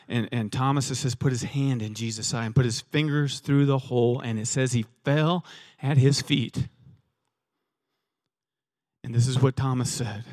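A man's voice: medium pitch, normal speed, darkish tone, dry recording. A man preaching a sermon in a conversational way, asking rhetorical questions and often repeating words. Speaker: pastor.

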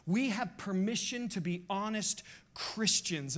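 A man's voice: a little high, fairly quick, fairly bright tone. A pastor in his forties preaching a sermon in a passionate, confessional, emphatic way.

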